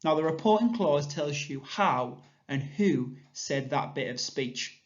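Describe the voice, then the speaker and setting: A man with an English accent, a primary school teacher giving a recorded grammar lesson, explaining patiently and clearly. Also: on the high side, expressive, a little slow. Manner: clear, patient explanation, reading examples aloud with lifted voice. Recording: dull lo-fi sound.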